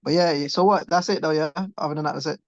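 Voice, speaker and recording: Young host, fast, gravelly, brisk and prompting, dry lo-fi call audio. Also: male voice, a little high, steady tone, no room sound. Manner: brisk, prompting, mimics others' voices. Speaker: class host. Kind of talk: casual call chat. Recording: dull lo-fi audio.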